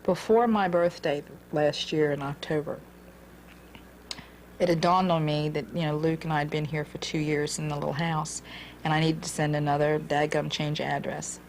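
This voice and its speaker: Earnest halting woman in her forties. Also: deep voice, level tone, darkish tone, slight background noise. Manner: earnest, halting, repeats words. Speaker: interviewee telling her life story. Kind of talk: personal storytelling.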